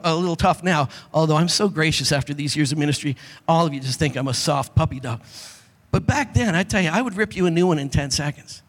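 High-voiced pastor preaching in a reverberant hall. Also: male voice, breathy edge. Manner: animated storytelling, acts out quotes. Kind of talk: sermon.

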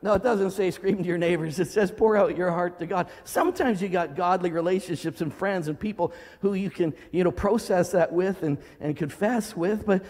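A male pastor preaching a sermon in a church hall, dramatic, swinging from loud cries to low murmurs. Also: normal speed, few pauses.

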